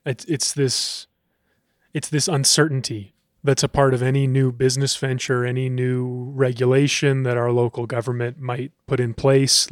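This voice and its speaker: A man's voice: medium pitch, no room sound, clean studio sound. A man hosting a local talk show, speaking casually and often repeating words as he thinks. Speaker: podcast host. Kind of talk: casual discussion.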